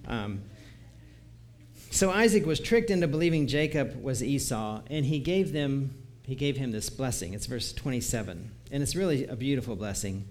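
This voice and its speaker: A man's voice: medium pitch, animated, normal speed, a little mellow. Man giving a conversational sermon. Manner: conversational, chuckles at his own asides, reads scripture aloud. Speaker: preacher.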